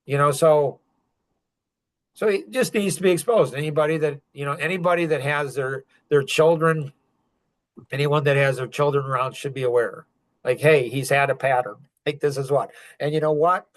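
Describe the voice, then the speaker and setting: A middle-aged man speaking intensely in an emotional podcast conversation, rising to angry outbursts. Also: fairly high pitch. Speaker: podcast guest sharing his story.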